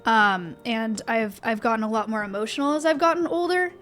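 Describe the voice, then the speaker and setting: A woman's voice: a little high, brisk, fairly bright tone. A young woman streaming from her home office, chatting with her viewers in a rambling way full of fillers and restarts. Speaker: livestreamer. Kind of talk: casual chat with stream chat.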